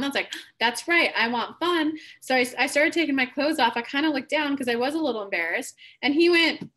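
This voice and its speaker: A woman's voice: high voice, expressive, fast, hardly any pauses, a bit bright. A woman hosting a live stream, chatting casually and candidly, telling stories with bubbly energy. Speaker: host of a live reading stream.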